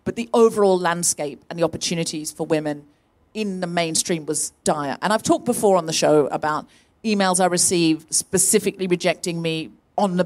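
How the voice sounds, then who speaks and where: A middle-aged woman hosting a live comedy podcast, telling a story to an audience and jumping up in pitch whenever she acts out what others said. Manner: animated, jumps up in pitch to act out quoted voices. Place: tent venue with a live audience.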